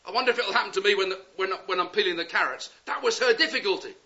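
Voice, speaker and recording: A man preaching a sermon, impassioned and pleading, swinging from loud urgent appeals to hushed words. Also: sits high, racing. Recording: dull lo-fi sound.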